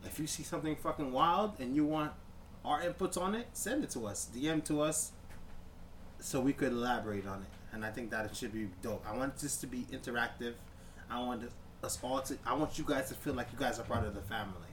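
A young man chats on a podcast in a loose, easygoing way, full of slang and casual swearing. His voice sits in an ordinary middle pitch. Faint background ambience hangs under his talk. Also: fairly quick, a little hiss or hum. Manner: laid-back, slangy, swears freely. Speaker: podcast co-host. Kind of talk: casual chat.

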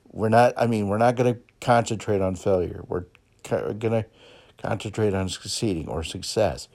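A man's voice: on the low side, normal speed, a little mellow. A man hosting a motivational podcast, talking in a folksy, encouraging way with lots of ums and repeated "okay?". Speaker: podcast host. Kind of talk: motivational monologue. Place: Plymouth, Massachusetts.

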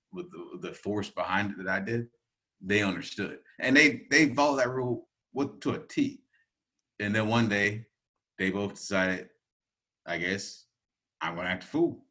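Bright-voiced man telling family stories. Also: lowish voice, moderate pace. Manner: animated storyteller, laughs often. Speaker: podcast co-host. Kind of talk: casual chat.

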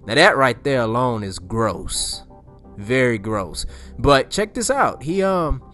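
A man's voice: mid-range voice, a bit bright. Man casually retelling a scary scene, faint music behind. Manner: rambling, repeats himself, slangy asides. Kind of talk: casual storytelling.

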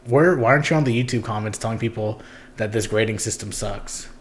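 A man's voice: lowish voice, fairly quick, a little hiss or hum. A young man hosting a casual podcast chat, rambling with lots of ums and giggles. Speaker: podcast host.

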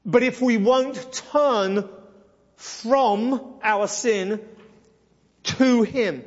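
A man's voice: very high voice, very slow, big-room sound, lo-fi sound. A man preaching a sermon as pastor, conversational and emphatic with playful asides.

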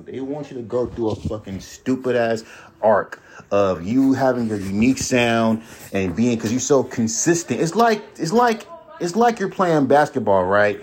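A man's voice: medium pitch, darkish tone. A man hosting a podcast alone, ranting bluntly with heavy profanity and repeating himself. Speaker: podcast host. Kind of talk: solo ranting monologue.

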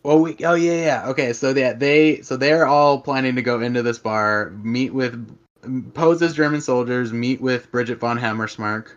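A man's voice: mid-range voice, moderate pace. Man podcast co-host, eager film fan, muffled lo-fi sound. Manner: enthusiastic, rambling. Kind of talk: casual chat about a film. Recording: slightly dull lo-fi sound.

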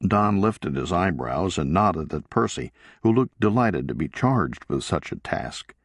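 A man reading a novel aloud as an audiobook narrator, in a measured, deliberate way. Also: sits low, expressive, no room sound, studio quality. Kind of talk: scripted narration.

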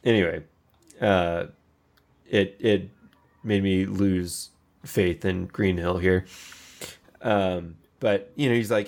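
A man's voice: deep voice, fairly even intonation, slow pace, gravelly, pauses often, a little mellow. A man casually recapping an anime episode, acting out the characters' lines and swearing freely. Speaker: podcast co-host recapping an anime. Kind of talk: casual chat.

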